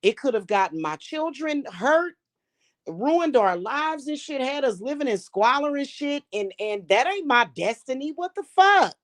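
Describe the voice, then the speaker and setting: A woman's voice: high voice, expressive, a little slow, no room sound. A woman hosting a casual livestream as a spiritual reader, telling stories in a blunt, profane and emphatic way.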